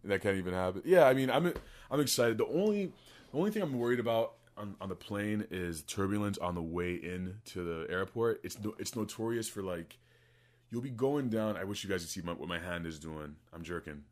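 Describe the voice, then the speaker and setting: A young man co-hosting a podcast speaks a little fast in a lowish, expressive voice. He swears often and rambles his way through jokes in casual conversation.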